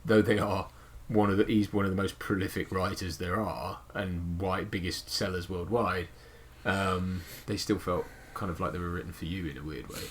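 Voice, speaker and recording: Brief: very low male co-host, meandering film talk, faint hiss under the voice. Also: steady tone, normal speed, few pauses. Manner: rambling, self-correcting. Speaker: podcast co-host. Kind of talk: casual film chat.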